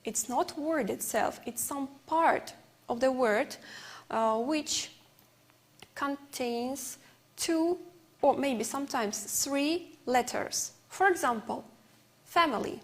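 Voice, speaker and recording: Woman, English teacher, Uzbek first language, high voice, unhurried, patient explanations. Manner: explains slowly with repeated examples and fillers; non-native English phrasing. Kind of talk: televised language lesson.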